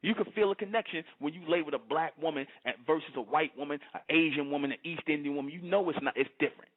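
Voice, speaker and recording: A man's voice: a little high, fast. A man giving a preachy, repetitive lecturing monologue, often stopping to ask if the listener understands. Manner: preachy, repetitive, keeps asking "you understand?". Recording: tinny phone-like line.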